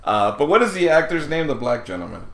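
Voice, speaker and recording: A man's voice: a little high, sing-song, fast talker, gravelly, fairly bright tone, reverberant. A man co-hosting a podcast in casual chat, rambling and hesitant, often stopping to search for names. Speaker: podcast co-host.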